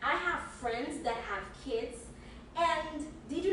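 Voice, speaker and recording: A woman's voice: high voice, lively intonation, slow pace, fairly bright tone, slight background noise. A woman co-hosting a podcast in casual discussion, emphatic and encouraging, repeating words as she builds a point. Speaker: podcast co-host. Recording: echoey room, distant mic.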